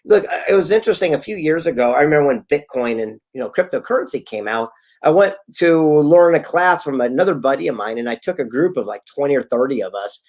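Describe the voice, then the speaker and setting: A man being interviewed as a guest author, telling stories in a casual, animated way and acting out the people he quotes. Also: on the high side, fast talker, hardly any pauses. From Southern California. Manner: animated storyteller, acts out quotes.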